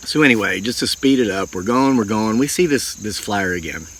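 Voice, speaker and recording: A man's voice: fairly low pitch, fairly quick, a little hiss or hum. A middle-aged man telling a long personal story in a folksy, earnest way, acting out what people said. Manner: folksy, earnest, animated retelling with acted quotes. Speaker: homesteading channel host. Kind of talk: storytelling monologue.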